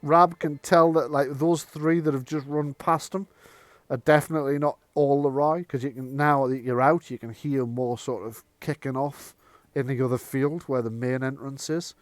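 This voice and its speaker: A man's voice: mid-range voice, normal speed, no echo. A man, running a tabletop game as game master in a casual, laughing way. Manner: laughing often, casual and animated.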